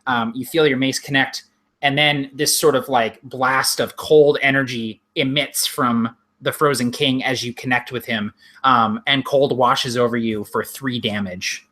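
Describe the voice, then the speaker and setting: A young man acting as game master, explaining rules briskly and describing the action, laughing often. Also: mid-range voice, steady tone, bright, forceful tone. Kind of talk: narrating a tabletop game.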